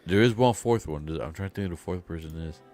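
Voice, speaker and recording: A young man co-hosting a casual livestream, talking loudly and joking, peppering his talk with slang like bro and fool. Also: low-pitched, fast talker, soft background music. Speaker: podcast co-host. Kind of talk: casual banter on a collectors' livestream.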